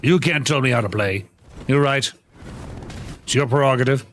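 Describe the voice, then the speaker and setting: A young man live-streaming a game, talking to his chat in an excitable, laughing, apologetic way. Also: medium pitch, normal speed, slight background noise.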